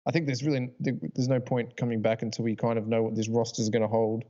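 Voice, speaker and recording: A young Australian man co-hosting a podcast, explaining his points in a measured, casual way. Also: medium pitch, level tone, warm tone, lo-fi sound. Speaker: podcast co-host. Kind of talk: casual chat.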